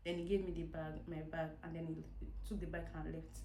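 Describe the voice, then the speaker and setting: A young woman, telling a personal testimony in an animated way, swinging from quiet lines to loud exclamations, with many restarts and repeated words. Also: deep voice, a little fast, a little hiss or hum. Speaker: vlogger telling her story. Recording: echoey room.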